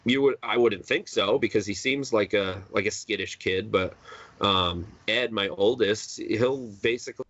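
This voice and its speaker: On a dry, dull lo-fi recording, a podcast co-host rambles through casual chat, full of fillers and restarts. His voice is on the low side and fairly bright in tone, and he talks at normal speed.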